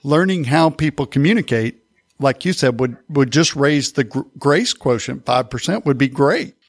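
A man's voice: medium pitch, lively intonation, normal speed, dry recording. Man, podcast host, chatty, anecdote-telling, dry close sound. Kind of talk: casual interview chat.

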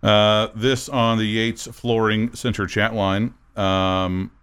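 A man's voice: fairly low pitch, little pitch movement, slow pace, a bit bright, smooth. A man co-hosting a sports talk radio show, chatting loosely and reading listener messages. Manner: loose and searching, full of fillers. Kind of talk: casual sports talk chat.

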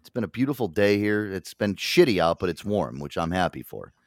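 A man's voice: low-pitched, brisk, no room sound, clean studio sound. A man hosting a casual podcast chat, rambling and swearing freely. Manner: rambling, swears often, animated. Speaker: podcast host.

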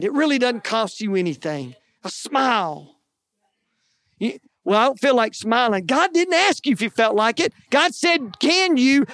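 A man's voice: very high voice, fairly bright tone, no echo. A middle-aged man preaching a sermon in an earnest, conversational way, with folksy asides to the congregation. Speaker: pastor.

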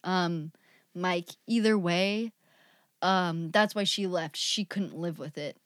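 A woman's voice: fairly low pitch, slow, fairly bright tone, no echo, studio quality. A woman co-hosting a podcast in casual, chatty conversation. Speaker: podcast co-host. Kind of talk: casual chat.

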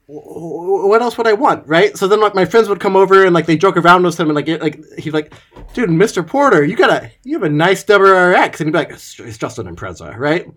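A young man with a high voice tells stories about his father in a loose, giggly way. He leans hard on fillers and keeps laughing between lines. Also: fast talker, fairly bright tone. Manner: laughs often, lots of fillers like "like" and "right". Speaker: podcast co-host. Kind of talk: casual chat, storytelling.

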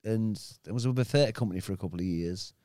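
Fast-talking man telling stories. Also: fairly low pitch, warm tone, no room sound, clean studio sound. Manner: rambling anecdotes acting out other voices. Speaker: guest comedian. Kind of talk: casual storytelling.

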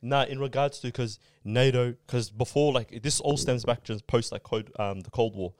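A man's voice: mid-range voice, normal speed, darkish tone, dry recording. A man in casual podcast chat, explaining at length with many fillers and asides. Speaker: podcast co-host.

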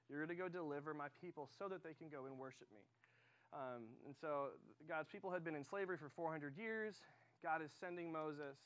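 A man's voice: a little high, a bit bright, clear, resonant tone. Casual man preaching to a youth group. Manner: casual, conversational, many fillers. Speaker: high school director. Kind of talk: youth sermon.

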